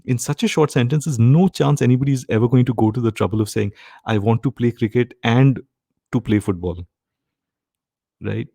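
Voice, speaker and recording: Gravelly, dark-toned male instructor. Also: medium pitch, no room sound, clean studio sound. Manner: frequent comprehension checks, asks "right?" often. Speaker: test-prep instructor. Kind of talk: live online grammar lesson.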